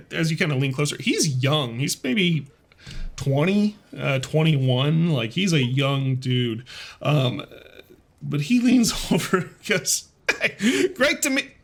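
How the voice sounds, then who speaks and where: A man running a tabletop game with an animated, rising and falling voice. He narrates casually, full of ums and likes. He sounds amused by his own scene. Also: a little high. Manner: casual, filler-heavy, amused. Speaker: game master.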